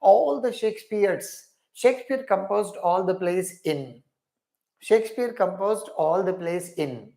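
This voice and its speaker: A man's voice: sits high, expressive, a little slow, vocal fry, warm tone. A man teaching English literature in a live online class, repeating each question and praising every student's answer.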